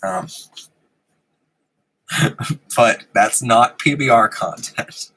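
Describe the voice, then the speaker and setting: A man's voice: mid-range voice, drawn-out words, bright, forceful tone, husky, poor audio. A man hosting a live stream in casual chat, giggling often and rambling with frequent ums, in a room with a fan running. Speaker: host of a live-streamed show.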